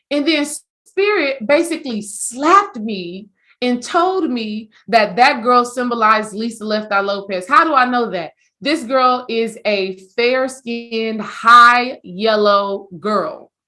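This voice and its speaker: A woman healing coach, telling a story in a casual, emphatic monologue that repeats itself for effect. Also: on the high side. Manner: animated, repetitive, emphatic storytelling.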